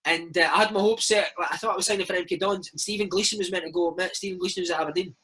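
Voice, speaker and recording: Poor audio captures a man in his thirties from Scotland, a former footballer, recounting stories in a casual interview. His voice sits high and sounds sharp and slightly rough, with a steady tone at a racing pace, and he's a chatty storyteller who keeps dropping "mate" and "man".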